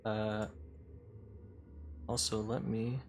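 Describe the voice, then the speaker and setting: A man narrating a tabletop game as game master, unhurried, with many fillers and restarts. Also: fairly low pitch, completely flat delivery, slight background noise.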